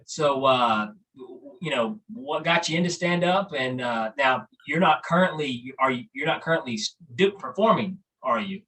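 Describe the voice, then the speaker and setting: Bright, folksy male podcast host. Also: mid-range voice, lively intonation, moderate pace, husky. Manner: folksy, hesitant with fillers. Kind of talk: casual interview chat.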